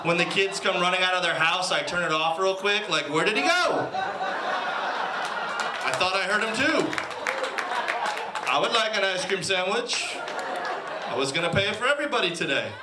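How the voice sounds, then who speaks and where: A man delivering a stand-up routine, loud and animated, slightly high for a man. The club around him is echoey and busy with crowd noise. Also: brisk. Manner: loud, animated storytelling with put-on voices. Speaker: stand-up comedian. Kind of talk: stand-up comedy set. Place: comedy club stage.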